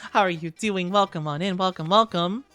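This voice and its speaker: A man's voice: high voice, fairly quick, pushed and bright, no room sound, soft background music. Playful, sweet-voiced male streamer. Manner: playful, mock-offended teasing; sweet, caring greetings to viewers. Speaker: VTuber streamer. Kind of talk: casual livestream chat.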